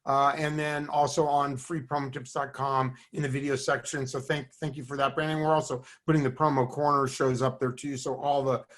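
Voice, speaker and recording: A man's voice: mid-range voice, level tone, a little fast, hardly any pauses, fairly bright tone. A man co-hosting a casual live online show, upbeat as he plugs where to find the show. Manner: upbeat, promotional. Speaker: co-host.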